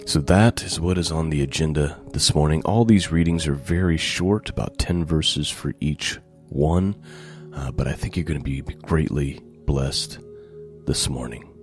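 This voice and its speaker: Man preaching, reads scripture then expounds; very deep and unhurried, leans on repeated words. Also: faint music behind. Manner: slow, deliberate, emphatic repetition. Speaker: pastor. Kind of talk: sermon with scripture reading.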